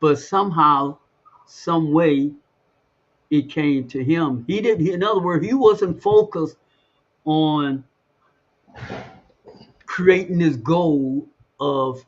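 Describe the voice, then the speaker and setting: Male host, slow and halting, slightly high voice, dull lo-fi sound. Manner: halting, searching for words. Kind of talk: interview question.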